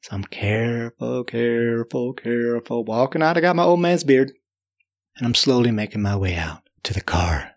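A man telling a story in a chatty, animated way, chuckling now and then. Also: mid-range voice, a little fast. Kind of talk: spoken storytelling.

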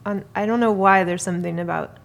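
A woman's voice: medium pitch, fairly even intonation, fast, creaky. A woman co-hosting a casual chat, upbeat, laughing often and steering the conversation along. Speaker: podcast co-host.

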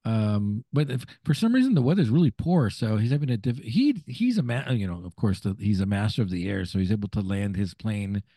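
A man casually recapping scenes of a TV episode on a podcast, halting and searching for words as he goes. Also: lowish voice, very animated, mellow, no room sound. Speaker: podcast co-host.

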